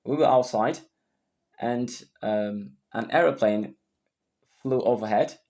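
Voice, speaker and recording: A man teaching an English lesson and spelling words out letter by letter, with a deliberate delivery. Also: medium pitch, darkish tone. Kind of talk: recorded lesson.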